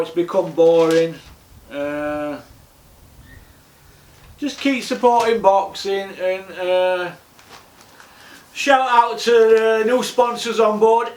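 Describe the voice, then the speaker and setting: A man's voice: high-pitched, reverberant, slight background noise. A man hosting a boxing vlog, blunt and scornful, firing off rhetorical questions. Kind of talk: ranting monologue.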